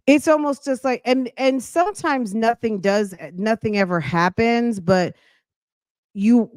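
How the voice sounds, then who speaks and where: A woman's voice: fairly high pitch, measured pace, a little mellow, no echo. Lady podcast host, chatty, a bit winded, dry close sound. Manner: chatty, talks straight to viewers with slang. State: slightly out of breath. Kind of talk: casual commentary chat.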